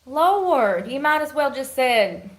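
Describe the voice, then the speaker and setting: A woman's voice: high-pitched, big pitch swings, slow pace, slight background noise. A woman chatting casually with her livestream viewers in a blunt, rambling, slangy way.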